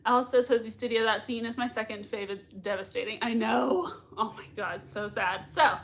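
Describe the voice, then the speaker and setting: A woman's voice: on the high side, normal speed, a bit bright, a little hiss or hum. A woman hosting a casual livestream, reading viewer comments aloud in a giggly, gushing way and laughing often. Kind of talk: casual live watch-party chat.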